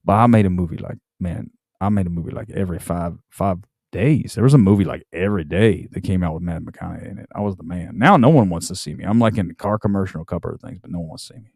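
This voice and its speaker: A man putting on an impression of a laid-back, smug male movie star with a slow, lazy drawl. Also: low-pitched, creaky, a little mellow, no echo, clean studio sound, pitched below the performer's own voice. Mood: boastful.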